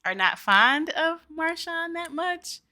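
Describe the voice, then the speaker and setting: A woman co-hosting a casual podcast chat, answering calmly and firmly in short replies. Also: extremely high pitch, slow pace.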